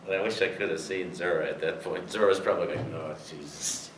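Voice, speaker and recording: A deep, steady-toned man moves at a quick pace as he spins rambling racing tales for listeners. He's older and uses many fillers, and the sound is distant and roomy with slight hiss.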